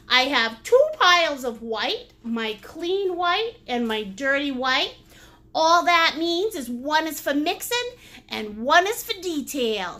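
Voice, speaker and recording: A woman hosting a live painting class, joking around playfully and greeting viewers by name. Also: sits high. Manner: animated, breaks into laughs and silly sounds. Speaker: painting instructor and livestream host. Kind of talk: lively livestream painting class.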